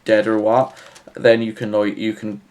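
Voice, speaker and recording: Rambling man, deadpan vlog. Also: fairly low pitch. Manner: rambling, halting, filler-heavy; flat, matter-of-fact. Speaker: vlogger. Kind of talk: deadpan comic advice vlog.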